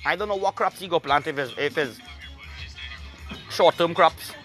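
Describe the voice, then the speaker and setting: A man holds forth in a rambling, preachy monologue, hammering his points home with emphasis. His voice is bright and forceful and sits a little high. Faint music plays behind him. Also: moderate pace. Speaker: show host.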